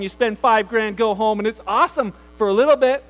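A man's voice: extremely high pitch, fast, hardly any pauses. A man preaching a casual, conversational sermon as pastor, often acting out quoted voices.

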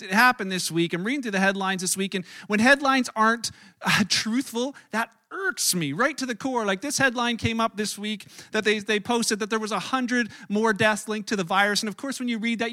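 A middle-aged man, a pastor, preaching a sermon through animated, self-mocking stories with acted-out quotes. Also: very high voice. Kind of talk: storytelling sermon.

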